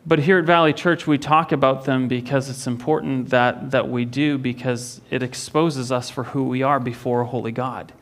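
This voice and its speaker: A man's voice: mid-range voice, steady tone, normal speed, hardly any pauses, a bit bright. A pastor preaching a sermon in a church, retelling a story earnestly and often repeating a word as he restarts a phrase.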